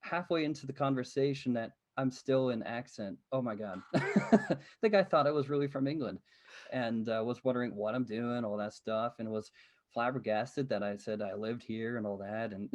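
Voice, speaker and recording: A man from Pennsylvania, a podcast guest, telling work stories in an animated, easygoing way. He speaks at an ordinary middle pitch, laughs now and then, and fills pauses with "um.". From Pennsylvania, USA. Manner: animated, laughs often, many fillers like "um". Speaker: podcast guest, living-history interpreter. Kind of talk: casual storytelling in an interview.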